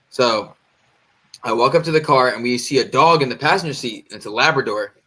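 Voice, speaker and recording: A man's voice: mid-range voice, brisk, a little hiss or hum. A man casually telling a long story to friends on a podcast. He swears freely and acts out the other people's lines. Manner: animated, profane, acts out quoted voices. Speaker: podcast co-host.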